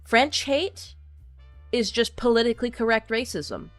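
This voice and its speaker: A woman's voice: fairly high pitch, unhurried, no room sound, faint music behind. Woman streamer chatting with dry sound. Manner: animated, opinionated, filler-heavy. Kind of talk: casual chat reading viewer comments.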